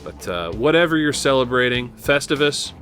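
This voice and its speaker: A man's voice: medium pitch, very animated, moderate pace, fairly bright tone, soft background music. A man from Nebraska hosting a podcast in casual chat, rambling with lots of fillers and chuckles. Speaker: podcast host.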